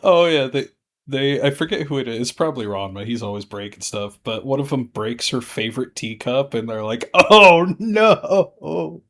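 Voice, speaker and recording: A man with a mid-pitched voice chats loosely on a podcast panel. He jokes along and laughs often, keeping the talk relaxed and informal. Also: fairly quick. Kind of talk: casual chat.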